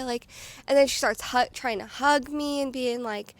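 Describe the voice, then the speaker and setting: Young woman, fairly high voice, casual candid storytelling, lots of "like", quick bursts. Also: steady tone, no room sound. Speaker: vlogger. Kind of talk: personal storytelling to camera.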